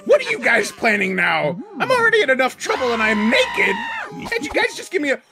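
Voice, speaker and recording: A woman voicing an excitable, dramatic male cartoon pencil character, rambling and bursting into shouts over background music. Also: sits high, fairly quick, heavily acted. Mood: frantic. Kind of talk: animated cartoon reaction commentary.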